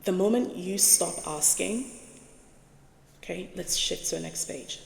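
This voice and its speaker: A woman giving a casual spoken reflection, slow and emphatic, repeating key words and checking in with "right?". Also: lowish voice, creaky, slight background noise. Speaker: spiritual reflection host. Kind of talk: casual spoken reflection while writing on a board. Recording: echoey room with long reverb.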